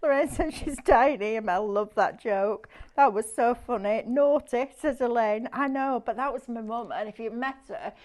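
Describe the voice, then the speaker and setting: A woman's voice: on the high side, moderate pace, hardly any pauses, a little mellow. A woman hosting a live craft shopping show, chatting casually, teasing her co-host and reading out viewer comments.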